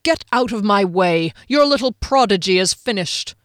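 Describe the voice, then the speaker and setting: A woman's voice: mid-range voice, expressive, normal speed, dry recording, studio quality, natural voice. A woman reading aloud, voicing a huge, vengeful male elf warrior who roars and snarls his lines. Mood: furious. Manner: snarling, roaring.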